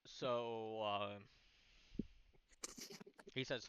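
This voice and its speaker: A man's voice: lowish voice, fairly even intonation, moderate pace, a bit bright, smooth, muffled recording. A man playing a tabletop game, talking hesitantly with frequent restarts. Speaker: player. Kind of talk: casual tabletop game play.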